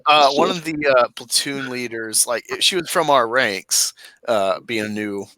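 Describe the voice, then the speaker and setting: A man's voice: mid-range voice, measured pace, sharp tone, no room sound, low-quality recording. A man hosting a casual live stream, joking loosely and rambling with plenty of fillers. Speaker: host.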